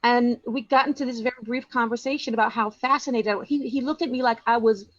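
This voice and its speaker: A woman tells a casual story over a video call. Her laptop audio sounds dull and dry, with no room around it. She speaks in a chatty, animated way. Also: a little high, a little fast, no echo. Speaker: participant in an online workshop.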